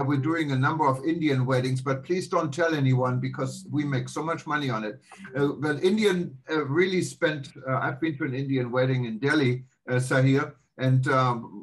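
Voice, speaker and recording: A man's voice: medium pitch, low-quality recording. A man hosting an online panel over a video call, chatty with stumbling restarts. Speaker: panel host.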